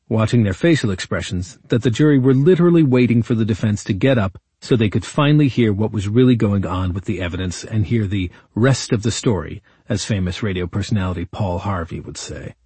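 A man narrating a memoir audiobook in a measured, wry storytelling manner, as a defense lawyer recounting events. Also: lowish voice, dark tone, slightly rough, no echo.

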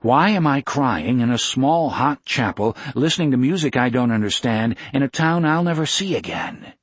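A man reading the inner questions of a troubled, guilt-ridden man in an audiobook, quiet and searching. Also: medium pitch, expressive, normal speed, husky, no echo. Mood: bewildered.

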